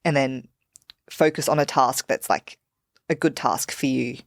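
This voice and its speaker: A woman's voice: very deep voice, a little slow, creaky, dry recording, clean studio sound. Candid woman chatting on a podcast. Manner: candid, laughing at herself. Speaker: podcast guest. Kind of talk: casual podcast chat.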